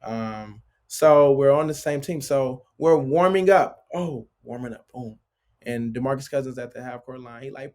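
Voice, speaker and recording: Medium-pitched and normally paced, the voice belongs to a late-thirties basketball player sitting in as an interview guest. His casual, animated anecdotes are heavy on fillers, "like" and "bro" above all.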